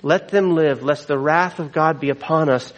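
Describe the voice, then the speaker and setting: A man's voice: on the high side, normal speed, poor audio. A middle-aged man preaching a sermon, earnest, weaving in scripture quotes and asides. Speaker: pastor.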